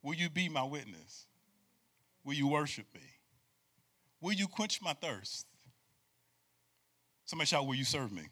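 A man preaching a sermon, moving from quiet talk to shouted, repetitive calls to the congregation. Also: a little high, big pitch swings, a little slow, long pauses. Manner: builds from quiet to shouting, repeats words.

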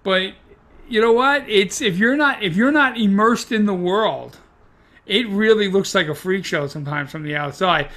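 A man's voice: high voice, moderate pace. A man who teaches Kung Fu, hosting a casual chat and telling stories with lots of swearing and laughter. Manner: swearing, animated storyteller who laughs often. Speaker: podcast host and Kung Fu teacher.

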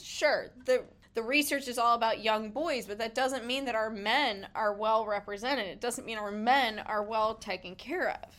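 A woman's voice: medium pitch, a bit bright. A middle-aged woman, a pediatrician, sharing a heartfelt and at times tearful casual reflection with a group. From United States. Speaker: pediatrician and podcast guest.

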